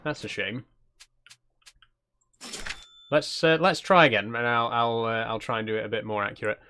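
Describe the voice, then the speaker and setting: Male channel host, relaxed cozy-game commentary, self-conscious, chats with his viewers, mid-range voice. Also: mid-range voice, normal speed, clean tone. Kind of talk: casual gameplay commentary.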